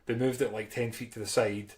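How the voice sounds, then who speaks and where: A man's voice: medium pitch, level tone, brisk. A man, co-hosting a podcast and telling stories in casual chat with frequent restarts. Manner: chatty storytelling with frequent restarts. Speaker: podcast co-host.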